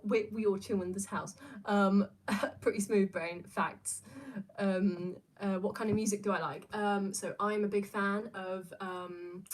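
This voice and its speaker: A woman's voice: mid-range voice, a bit bright. Young woman chatting on a livestream. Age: young adult. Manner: rambling, many fillers and restarts, laughs often. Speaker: streamer answering viewer questions. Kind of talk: casual livestream chat.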